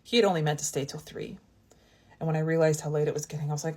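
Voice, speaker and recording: Low-voiced woman telling a storytime. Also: fairly even intonation, rapid-fire, dark tone, a little hiss or hum. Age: 30s. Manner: rambling and confiding, many restarts and "like". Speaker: vlogger. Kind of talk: casual storytime.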